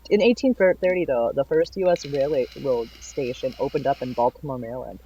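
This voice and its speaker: A man co-hosting a casual chat, rambling and joking with a husky voice. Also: medium pitch, dark tone, muffled recording. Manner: jokey, rambling, quick to laugh. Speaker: co-host.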